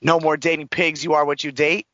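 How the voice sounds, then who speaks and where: A show host chatting casually about celebrity gossip in an animated way, full of fillers like "like". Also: medium pitch, a little fast, no echo. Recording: dull lo-fi recording.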